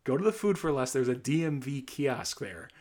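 A man's voice: medium pitch, big pitch swings, normal speed, darkish tone. Man telling a rambling exasperated story. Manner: rambling, exasperated anecdote with quoted dialogue. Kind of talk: casual storytelling.

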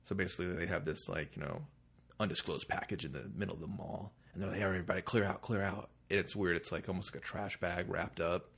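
A man's voice: sits low, fairly even intonation, quick pace, gravelly, a bit bright, husky. A man co-hosting a podcast in casual chat, rambling and hesitant with lots of fillers. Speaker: podcast co-host.

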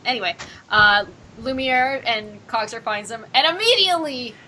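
A woman's voice: fairly high pitch, steady tone, measured pace, sharp tone, slight background noise, poor audio. A woman co-hosting a casual movie discussion, animatedly recapping the plot and playfully quoting characters. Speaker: podcast co-host.

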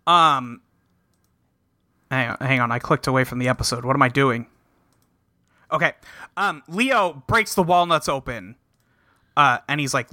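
Bright, dry-voiced man recapping casually. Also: medium pitch, unhurried, long pauses, no echo. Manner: profane, rambling, laughing. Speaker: podcast host.

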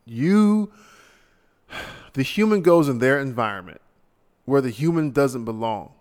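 A man's voice: mid-range voice, lively intonation, a little slow, darkish tone, clear, resonant tone, in a large hall. A man hosting a solo podcast, ranting casually and sounding tired late at night. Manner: casual, ranting, tossing in mock voices. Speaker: podcast host.

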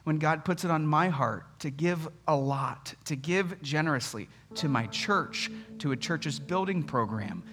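A man in his thirties, a pastor giving a sermon in an animated, conversational way, telling stories with humor. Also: fairly high pitch, measured pace, hardly any pauses, music in the background.

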